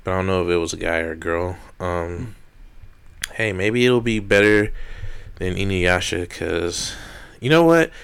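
Young male podcast co-host: low, smooth voice, rambling, swears freely. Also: a little slow, fairly bright tone. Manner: rambling, profane, jokey. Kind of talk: casual chat.

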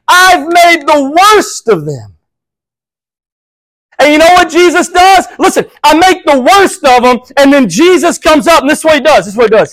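A man preaching as a pastor, passionate, swinging between loud emphasis and hushed, quiet quoting. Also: very high-pitched, very animated, moderate pace, no room sound, poor audio. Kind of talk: sermon.

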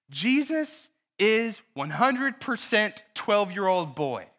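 A pastor delivers a sermon in a church in a high, bright voice. He tells a story in an animated way and keeps asking his listeners questions. The sound is clean and close to the mic.

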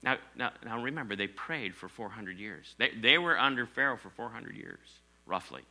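Male preacher, emphatic sermon delivery, bright piercing tone, loud-to-hushed swings. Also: lowish voice, animated, moderate pace. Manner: emphatic, swings from loud exclamations to near whispers; asks the congregation to respond.

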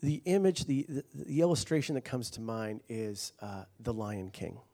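A man's voice: medium pitch, fairly even intonation, moderate pace, creaky, warm tone. A man preaching a sermon, casual and joking with the congregation before building to fervent emphasis. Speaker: pastor.

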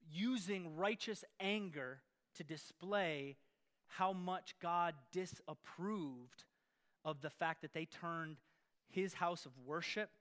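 A man preaching a sermon in an energetic, playful way, with sarcastic asides. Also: high voice.

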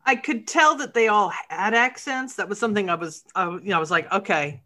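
A woman's voice: medium pitch, lively intonation, fairly quick, bright, forceful tone. A woman co-hosting a casual chat, frank and outspoken in her opinions. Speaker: podcast co-host.

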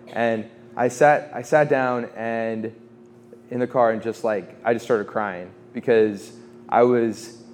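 Guy in his 30s telling a family story at a faith talk, chatty, bit of hiss behind. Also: mid-range voice. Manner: chatty, animated storytelling with laughs and restarts. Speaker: speaker at a formation talk.

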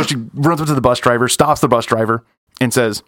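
A man co-hosting a podcast, telling a long joke in casual chat with slow, drawn-out pauses. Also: medium pitch, fairly bright tone, dry recording, clean studio sound. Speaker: podcast co-host.

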